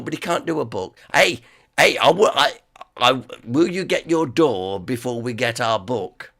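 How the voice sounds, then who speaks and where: A man with an East Midlands accent hosting a casual live stream, hoarse from a sore dry throat, rambling and greeting viewers one by one. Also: mid-range voice, lively intonation, unhurried, pushed and bright. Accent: East Midlands English.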